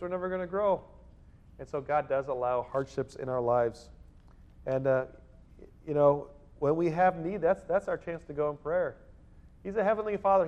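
A man's voice: a little high, a little mellow. A man preaching a sermon as pastor, acting out little voices in his stories. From Northern California. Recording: dull lo-fi sound.

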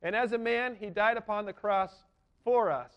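A man's voice: high-pitched, moderate pace, dull audio. A man giving an earnest, emphatic sermon as a first-person dramatic monologue. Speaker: preacher.

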